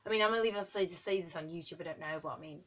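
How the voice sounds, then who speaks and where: A woman in her late twenties chatting to camera in a rambling, excitable way, full of ums and likes. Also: on the low side, very fast. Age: 20s. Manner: rambling and excitable, heavy with fillers. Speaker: vlogger. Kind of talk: casual chat to camera.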